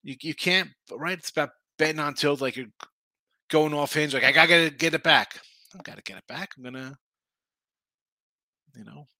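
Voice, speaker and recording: A man's voice: a little high, normal speed, pauses often, sharp tone, no room sound. A man hosting a sports betting show, rambling in casual talk and often repeating himself.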